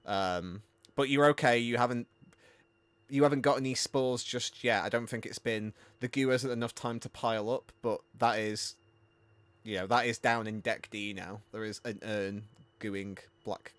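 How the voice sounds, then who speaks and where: A man's voice: medium pitch, steady tone, moderate pace, fairly bright tone, dry recording. A man narrating a tabletop game as its game master, with a mid-range voice. He talks in a loose, chatty way, full of ums and restarts. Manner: casual, chatty, many fillers and restarts.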